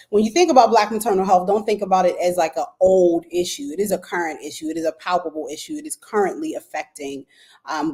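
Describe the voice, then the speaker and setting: Animated woman host telling a story. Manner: storytelling, pitch jumps high when reliving moments. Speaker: talk show host. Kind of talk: casual chat to a live audience.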